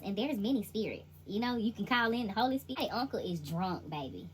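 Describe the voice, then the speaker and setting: A young woman giving a casual spiritual tarot reading, animated and slangy, laughing often. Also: medium pitch, a little fast, hardly any pauses, a little hiss or hum. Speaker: intuitive tarot reader.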